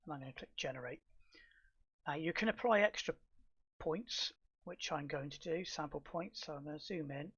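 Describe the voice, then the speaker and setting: A middle-aged man calmly explaining software steps in a tutorial, with fillers and restarts. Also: a little high, moderate pace, breathy edge, muffled recording. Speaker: astrophotography tutor. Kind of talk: screen-recorded software tutorial.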